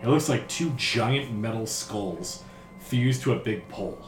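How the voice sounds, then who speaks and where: A man working as game master, narrating a tabletop game in a descriptive, unhurried way with filler words. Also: lowish voice, animated. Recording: roomy echo with faint music.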